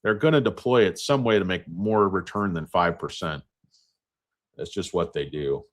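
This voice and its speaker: A deep-voiced man talks casually about stocks in a loose, rambling way. He mixes in crude jokes and side tangents. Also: moderate pace. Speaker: stock market vlogger. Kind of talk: casual chat.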